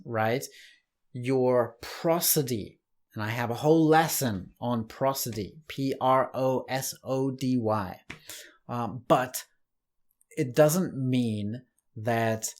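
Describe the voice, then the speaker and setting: A male English teacher talks through a casual online lesson at an unhurried pace. He sounds relaxed and conversational, with small laughs and restarts, and his voice sits at a middle pitch.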